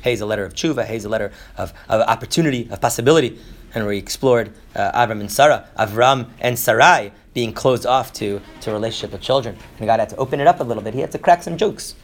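A man giving an informal Torah lesson, rambling with fillers and restarts, mixing in Hebrew terms and slipping into quick comic voices for characters. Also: mid-range voice. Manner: mixes Hebrew terms into English. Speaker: Torah teacher. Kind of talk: informal lecture.

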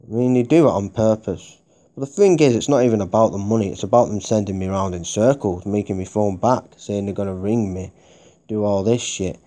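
A man hosting a podcast, ranting with constant swearing and circling back to the same complaints. His voice sits fairly low and sounds dark and mellow. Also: brisk. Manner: heavy swearing, heated and repetitive. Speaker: podcast host. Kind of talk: angry ranting monologue.

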